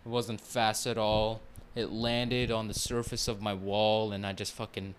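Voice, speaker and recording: A man's voice: lowish voice, little pitch movement, a little slow, slight background noise. A man hosting his own podcast, ranting casually in a rambling, heavily profane way full of fillers. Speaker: podcast host. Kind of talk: casual solo rant.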